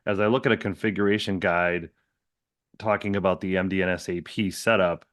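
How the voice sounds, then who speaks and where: A man with a very low voice hosting a technical webinar. He relays audience questions politely and adds short affirmations. The sound is dry and close. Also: steady tone, brisk, a bit bright, dry recording. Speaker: host.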